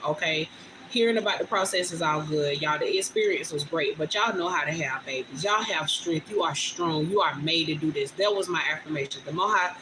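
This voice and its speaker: This is a casual, heartfelt phone livestream from a young woman at home, whose voice is low-pitched. Chatty and emotional, she calls her viewers "y'all," and background noise is clearly audible in the recording.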